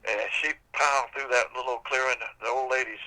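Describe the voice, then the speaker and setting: A man's voice: medium pitch, steady tone, fairly quick, sharp tone, rough recording. An older man telling a folk tale on a podcast in a folksy, casual way. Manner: folksy, casual, drawling storytelling. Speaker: storyteller.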